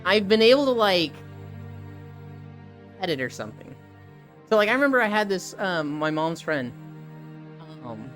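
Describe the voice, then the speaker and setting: A woman streamer in casual, rambling live chat, candid and quick to swear. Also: lowish voice. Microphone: desk microphone.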